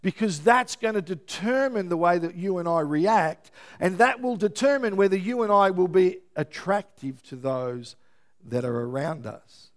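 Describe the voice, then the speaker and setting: A man preaching a sermon as pastor, lively and often checking in with his listeners. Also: sits high, a little slow. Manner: lively, keeps checking in with the congregation.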